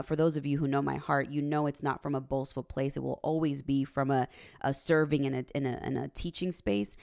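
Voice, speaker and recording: Low, gravelly woman coaching on relationships. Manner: earnest, faith-based, uses "right?" and "like" often; animated storyteller, laughs easily. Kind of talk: casual livestream talk, reading viewer comments.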